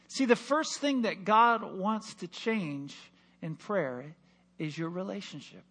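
High-voiced man preaching with fervor. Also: animated, slow. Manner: impassioned storytelling, swings from loud to hushed. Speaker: pastor. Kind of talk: sermon. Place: church.

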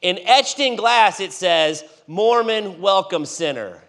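A man preaching in a church, telling a story with animated swings between loud and hushed delivery. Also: high voice, slow pace. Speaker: guest preacher. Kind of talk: storytelling sermon.

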